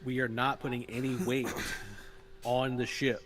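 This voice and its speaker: A man co-hosting a laid-back podcast chat. He riffs at length with dry, deadpan jokes and swears casually. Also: mid-range voice, unhurried, music in the background. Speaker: podcast co-host.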